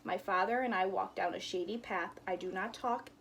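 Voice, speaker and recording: A woman's voice: mid-range voice, moderate pace, a bit bright. Woman teacher reading aloud to young kids, playful with the sound words, mid-range voice, slight background noise. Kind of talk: storybook read-aloud with sound effects.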